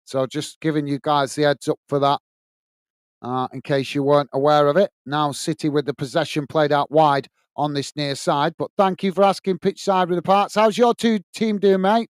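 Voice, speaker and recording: A man's voice: on the high side, fairly even intonation, moderate pace, clear, resonant tone, no echo, studio quality. A middle-aged man hosting a live football watch-along, calling the play and chatting with viewers as he reads their comments. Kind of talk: live match commentary and chat reading.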